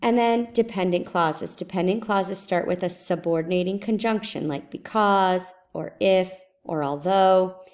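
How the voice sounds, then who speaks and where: A woman's voice: fairly low pitch, a little slow, hardly any pauses, darkish tone. A woman teaching a writing lesson in a screencast, explaining step by step and repeating example sentences aloud.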